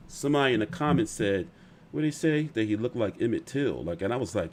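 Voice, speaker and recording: A man's voice: lowish voice, fast, a little hiss or hum. A man hosting casual boxing commentary, rambling and opinionated, often profane.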